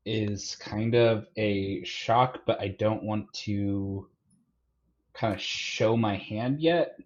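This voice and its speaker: A man playing a tabletop role-playing game who thinks aloud in a measured, hesitant way. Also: fairly low pitch, a little mellow, highs cut off. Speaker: player. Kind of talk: in-character reflection at a tabletop game.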